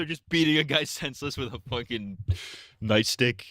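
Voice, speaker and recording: A man's voice: medium pitch, moderate pace, sharp tone, dry recording. A man streaming and reacting to a video with skeptical, sarcastic commentary on a close mic.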